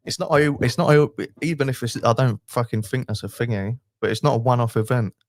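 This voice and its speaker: A man's voice: mid-range voice, quick pace, dry recording, studio quality. A young man streaming live, talking bluntly and swearing in casual chat.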